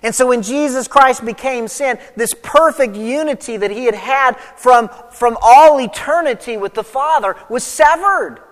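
High-voiced male preacher in a reverberant hall. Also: moderate pace, few pauses, a bit bright. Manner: reads scripture aloud, then expounds with emphatic swings of pitch and volume. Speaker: pastor. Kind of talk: sermon.

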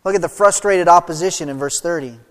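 A preacher giving an expository sermon, stressing points loudly and then dropping quiet. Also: medium pitch, fast. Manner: emphatic teaching, swinging between loud stresses and quiet drops. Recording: long reverb of a large hall.

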